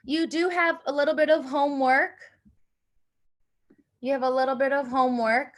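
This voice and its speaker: A teacher, a woman, leading a class in an upbeat way and repeating questions and answers slowly. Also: sits high, steady tone. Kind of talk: online class instruction.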